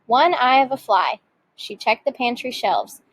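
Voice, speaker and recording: A woman teacher reading a picture book aloud with lively expression. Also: fairly high pitch, unhurried, slightly rough, rough recording.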